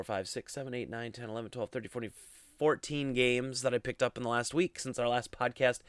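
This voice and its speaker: A man's voice: fairly low pitch, fairly bright tone, clear, resonant tone, no echo. A man hosting a casual solo gaming podcast, rambling with lots of fillers and restarts. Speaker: podcast host.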